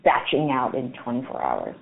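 A woman's voice: extremely low pitch, wildly swooping pitch, moderate pace, gravelly. A woman guest on a radio interview explaining marketing tools, talking with frequent fillers and restarts. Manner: hesitant, many fillers and restarts, enthusiastic. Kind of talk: interview answers. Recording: phone-like narrow sound.

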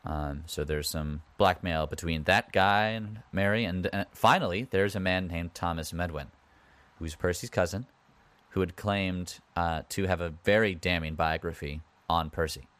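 A man's voice: deep voice, moderate pace, a bit bright, no echo. A man hosting a podcast, retelling history in a casual way with wry asides and conversational comments. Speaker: podcast host.

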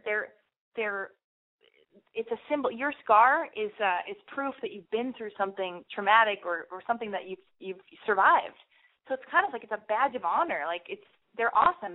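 Blunt, profane young woman on tinny audio. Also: medium pitch. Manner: blunt, profane, rambling with self-corrections. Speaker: advice podcast host. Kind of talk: casual advice monologue. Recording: tinny phone-like sound.

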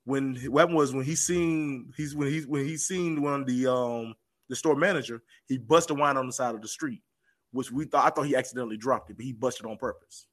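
Man of middle pitch, podcast guest, lively retelling with lots of repetition. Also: a little fast. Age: adult with children. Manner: animated, repeats phrases for emphasis. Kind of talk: casual storytelling.

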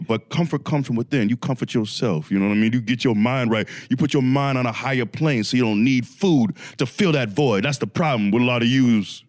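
A man's voice: medium pitch, brisk, few pauses, darkish tone. A man co-hosting a podcast in casual chat, teasing the others and laughing often. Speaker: podcast co-host. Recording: in-person studio podcast.

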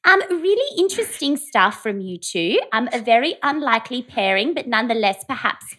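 A woman's voice: fairly high pitch, very animated, a little fast, sharp tone, voice pushed down, heavily acted. A woman voicing a fake-polite female tabloid reporter on a prank phone call, full of ums. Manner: sugary professional tone full of ums. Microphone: phone on speaker.

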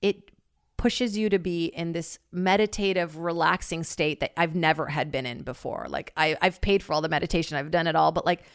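A woman's voice: low voice, steady tone, a little fast, clean tone, no echo, studio quality. A young woman telling stories in casual chat, rambling with lots of "like" and laughing often.

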